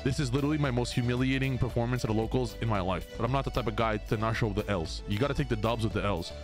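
A man in a casual vlog, commenting on card game play, excitable, swearing a lot, hyped and exasperated. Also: mid-range voice, rapid-fire, over music. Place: card game store at a local tournament.

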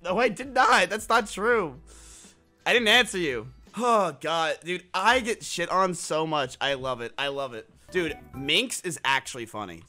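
A young male streamer gives a running commentary in a bright, high voice. He is mocking, swears freely and laughs at his own jokes. Faint music plays underneath. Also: animated, a little slow. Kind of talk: casual chat.

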